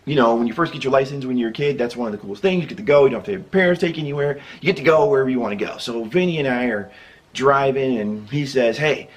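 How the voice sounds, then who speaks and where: A man's voice: mid-range voice, rapid-fire. A man from the American Midwest hosting his own channel, telling a casual storytime tale in a rambling, self-interrupting way that keeps breaking into laughter. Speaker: YouTube storyteller.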